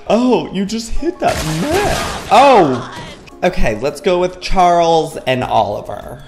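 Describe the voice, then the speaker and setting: A young man narrating his own gameplay with giddy, exclamatory reactions. His pitch leaps up and down animatedly, though he talks at an unhurried pace. Faint music plays behind him. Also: very animated. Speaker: gaming YouTuber. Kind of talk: video game commentary.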